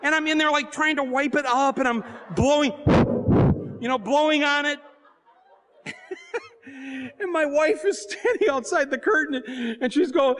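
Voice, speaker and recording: High-pitched guy doing a funny storytelling talk at a book fair, jokey, acts stuff out. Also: measured pace, pauses often. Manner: animated, joking, acts out scenes and voices, often breaks into laughter. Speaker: author and filmmaker giving a talk. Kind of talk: comic storytelling to a live audience.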